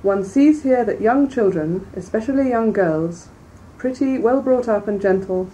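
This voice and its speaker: A woman reading a classic fairy tale aloud in a measured, clear way, then commenting on it as a lecturer. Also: medium pitch, lively intonation, dark tone. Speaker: reader and lecturer. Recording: distant mic, faint background noise.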